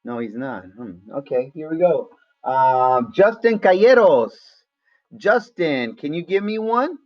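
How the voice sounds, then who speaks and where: Man, math teacher, online class, higher voice, dull lo-fi audio. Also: expressive, measured pace. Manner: casual, talks to students by name.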